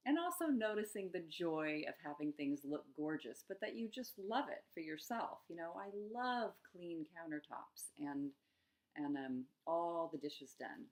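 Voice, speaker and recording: A middle-aged woman coaching on eating struggles in a gentle, musing self-help talk, with soft laughs between thoughts. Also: low voice, animated, unhurried.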